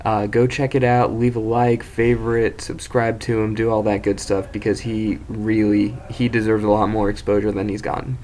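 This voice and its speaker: A man's voice: fairly low pitch, level tone, moderate pace, few pauses, darkish tone, slight background noise. A young man casually telling an embarrassing story as host of his own video series, rambling, self-mocking and swearing freely.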